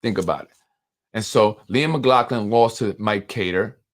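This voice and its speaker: A man's voice: lowish voice, a little slow. A man hosting unscripted political commentary, emphatic and full of rhetorical questions and repetition.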